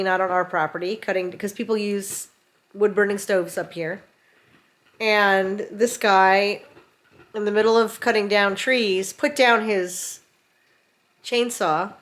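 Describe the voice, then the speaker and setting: A middle-aged woman vlogger telling a story from home in a casual, animated way, acting out what people said. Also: mid-range voice. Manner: animated, acts out quotes. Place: home in rural mountains.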